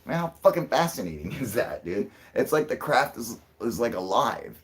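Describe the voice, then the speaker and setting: A man hosting a casual livestream, rambling and thinking out loud with lots of fillers, frequent swearing and chuckles. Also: medium pitch, sing-song, normal speed. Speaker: channel host.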